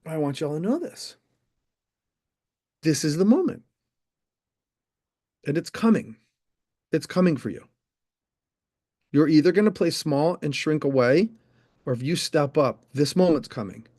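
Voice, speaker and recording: A middle-aged man, a motivational speaker, telling an animated story on stage and speaking straight to a live audience. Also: a little high, measured pace, pauses often. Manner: animated, addresses the audience directly.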